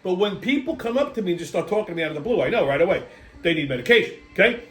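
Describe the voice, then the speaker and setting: A man's voice: sits high, animated, very fast, fairly bright tone, faint music behind. A man hosting a weekly wrap-up show, ranting in a crude, exasperated comic style. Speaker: host. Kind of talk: profane comedic rant.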